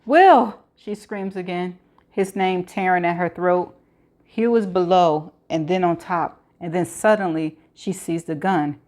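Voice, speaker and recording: A woman's voice: lowish voice, measured pace. Woman reading a thriller aloud. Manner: steady narration with occasional stumbles and restarts. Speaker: audiobook reader.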